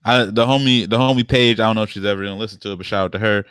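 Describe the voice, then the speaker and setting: A man's voice: lowish voice, fairly even intonation, racing, a bit bright, clean tone, no echo. A man co-hosting a podcast in a casual, slangy chat, telling stories and laughing often. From family from the American South. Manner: laid-back slangy storytelling, laughs a lot. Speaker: podcast co-host.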